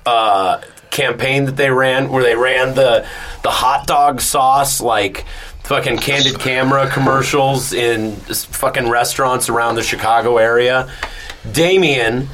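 A man hosting a casual podcast, telling stories fast with profanity and frequent restarts. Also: medium pitch, fairly even intonation, a bit bright, a little hiss or hum. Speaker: podcast host.

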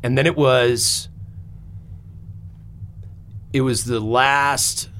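A man hosting a podcast, his voice sitting in an ordinary middle pitch. He talks casually, in a rambling and emphatic way, with plenty of fillers and swearing. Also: steady tone, drawn-out words, a bit bright. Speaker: podcast host.

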